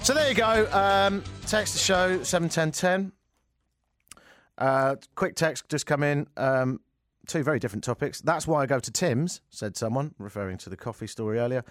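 A man's voice: a little high, moderate pace, fairly bright tone, no room sound, clean studio sound, faint music behind. A man hosting a radio talk show, delivering a sarcastic, rambling monologue full of mocking asides. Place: radio studio. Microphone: studio microphone.

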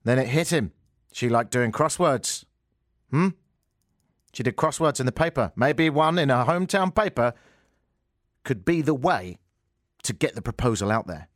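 A man's voice: mid-range voice, animated, moderate pace, pauses often, no room sound, studio quality. A man hosting a comedy show, reading a news story aloud with sarcastic, mocking asides. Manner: sarcastic, mocking, jumps between shouty and muttered asides.

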